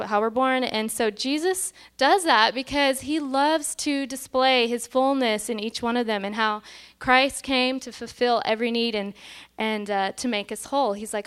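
Woman preacher, 40s, chatty and animated, smooth clear tone. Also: fairly high pitch. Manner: conversational and animated, acting out quoted voices. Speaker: speaker at a church gathering. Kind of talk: casual sermon.

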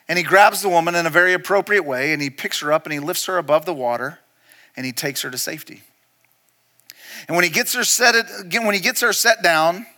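A man preaching a sermon to a church hall, telling a story and often dropping into a soft, intense hush for emphasis. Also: fairly high pitch. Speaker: pastor.

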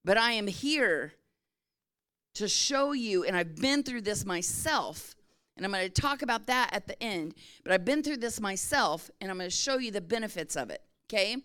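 A woman's voice: medium pitch, animated, moderate pace, a bit bright. A middle-aged woman pastor giving a sermon in a conversational, storytelling way, often checking in with her congregation.

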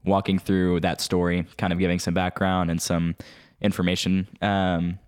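A man's voice: sits low, monotone, normal speed, clear, resonant tone. A man co-hosting a casual podcast chat, playful and laughing often as he introduces the segments. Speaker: podcast co-host.

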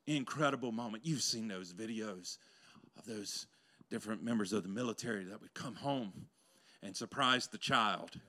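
A man preaching a sermon to a congregation in a church, swinging between loud exclamations and hushed intensity, with playful asides to the crowd. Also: fairly low pitch, normal speed. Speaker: pastor. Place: church sanctuary before a congregation.

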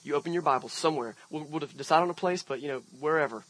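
A man's voice: fairly high pitch, quick pace, fairly bright tone, rough recording. A man preaching an outdoor sermon as pastor, telling a personal story in a conversational way with emphatic swells. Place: outdoor park service.

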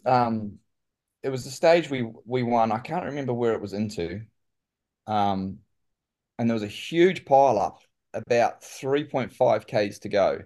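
A man with a New Zealand accent, a guest telling lively stories in casual conversation and saying "mate" often. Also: mid-range voice. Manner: animated, says "mate" often. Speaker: guest, former pro cyclist. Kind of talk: casual storytelling.

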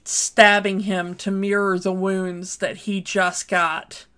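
A woman's voice: mid-range voice, little pitch movement, slow, sharp tone. A woman co-hosting a casual chat, speaking hesitantly with many fillers. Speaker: podcast co-host. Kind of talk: casual film discussion.

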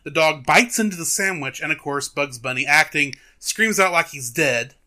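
A man co-hosting a film review podcast, retelling a cartoon in casual chat as an animated storyteller who laughs often. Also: fairly high pitch, moderate pace.

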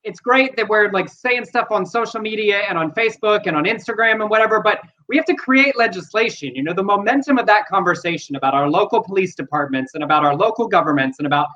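High bright voiced guy on a podcast, earnest, kinda muffled audio. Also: fast talker, few pauses. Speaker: podcast co-host. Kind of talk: casual chat, commentary.

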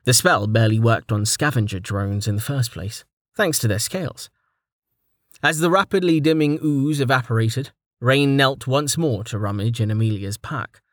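A man narrating a fantasy webnovel audiobook in a steady, even reading voice. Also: mid-range voice, normal speed, no room sound, studio quality. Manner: steady, even reading, stat lists read out plainly.

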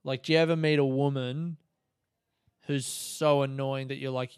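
A comedian in his thirties, ranting through his stories on a solo podcast with plenty of swearing. His voice sits at an ordinary middle pitch. It is recorded close and dry, with no room sound. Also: moderate pace, clean tone, no room sound. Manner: sweary, ranting, animated retelling. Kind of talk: casual solo podcast storytelling.

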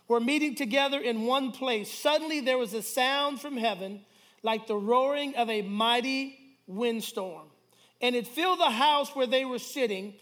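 With an extremely high-pitched voice, a pastor preaches while his congregation answers him. He moves between hushed and forceful slow phrases.

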